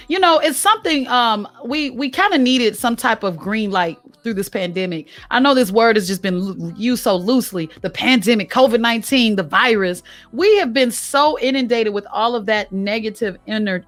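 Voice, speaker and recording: A woman hosting a podcast interview, talking in a lively, chatty way and laughing often. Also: fairly high pitch, moderate pace, few pauses. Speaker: podcast host. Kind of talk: casual interview chat.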